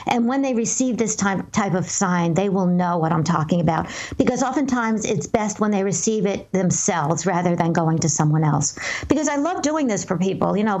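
A woman, a guest medium, answering interview questions and telling stories in a calm, earnest, measured way. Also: medium pitch.

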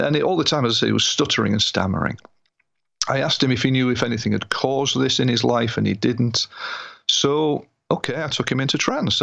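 A man who works as a hypnotherapist, giving a measured account of his work in an interview and often restarting his sentences. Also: medium pitch, gravelly, a bit bright. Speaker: hypnotherapist, guest. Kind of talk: conversational interview storytelling. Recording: slightly dull lo-fi sound.

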